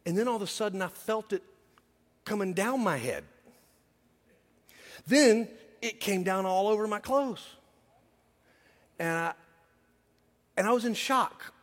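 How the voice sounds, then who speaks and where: A male preacher with a notably high voice that rings through a large church hall with a long reverb tail. He tells personal stories with a humorous, confiding touch, then turns earnest as he urges his listeners on. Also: animated, a little slow, long pauses, a bit bright. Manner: humorous, confiding storyteller turning to earnest exhortation. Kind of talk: sermon with personal storytelling.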